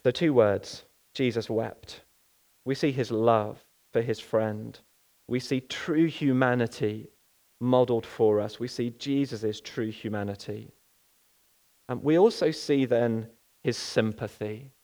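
A man delivers a sermon at a mid-range pitch. He talks earnestly and without hurry, and he slows right down to let the key phrases sink in. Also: a little mellow. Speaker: preacher.

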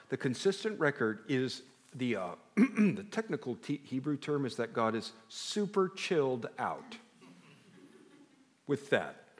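A male pastor preaching a sermon in a conversational way, often putting questions to the congregation and shifting his emphasis freely. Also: fairly high pitch.

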